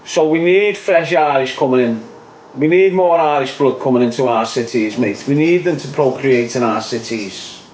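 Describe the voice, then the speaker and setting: A man's voice: mid-range voice, moderate pace, darkish tone, slight background noise, rough recording. Young man, Liverpool accent, casual livestream rant, repetitive, opinionated. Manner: repetitive, opinionated, tags lines with "mate". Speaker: online show host.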